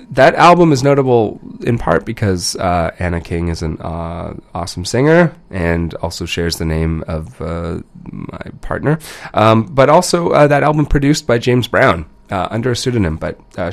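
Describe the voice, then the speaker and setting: A man's voice: low voice, lively intonation, moderate pace, creaky. A man hosting a radio music show, talking casually between songs with a stuffy, nasal voice from a cold, rambling and correcting himself as he goes. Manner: loose, rambling, self-correcting. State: has a cold.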